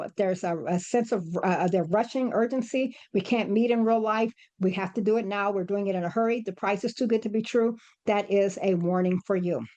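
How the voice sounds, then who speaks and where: A woman giving a fast, urgent real estate training presentation, with emphatic warnings. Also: mid-range voice, darkish tone.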